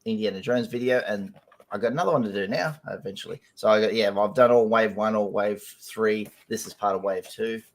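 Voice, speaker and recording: Gravelly man with a morning voice. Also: fairly low pitch, brisk. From Australia. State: just woken up, morning voice. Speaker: guest in a toy collector chat. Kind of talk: casual chat.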